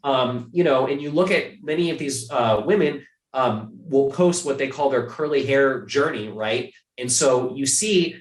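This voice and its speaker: A man's voice: medium pitch, unhurried, hardly any pauses, roomy sound. A man from Ohio, a podcast guest chatting casually, rambling with many fillers and restarts. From Ohio, USA.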